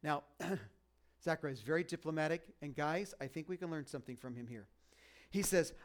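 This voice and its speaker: A man's voice: on the high side, normal speed. A man preaching a sermon with self-deprecating humor, acting out the lines he quotes. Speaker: pastor.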